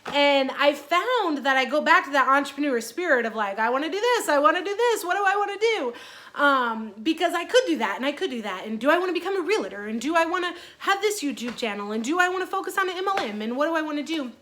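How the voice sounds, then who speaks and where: A woman's voice: sits high, lively intonation, fast talker, few pauses, sharp tone. A woman in her thirties talking in a casual personal vlog, chatty and earnest with many fillers. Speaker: vlogger.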